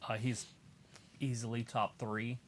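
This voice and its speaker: A man's voice: medium pitch, level tone, measured pace. A man co-hosting a wrestling watch-along, talking casually and sharing his wrestling opinions. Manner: laid-back, chimes in with wrestling opinions. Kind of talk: casual chat and match commentary.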